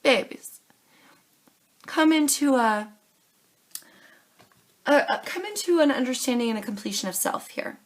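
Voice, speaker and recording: Young woman reading tarot cards, earnest and pleading, kinda high voice, keeps saying darling. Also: lively intonation, unhurried, long pauses. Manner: earnest, pleading, calls viewers darling and baby. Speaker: tarot reader. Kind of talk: casual tarot reading to camera.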